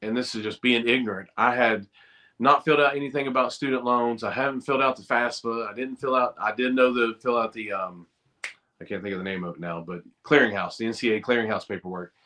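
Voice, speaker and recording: A middle-aged man, a former football player telling an animated story as a podcast guest over a video call. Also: medium pitch, fast. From Eastern Kentucky. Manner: animated storyteller, acts out quoted voices.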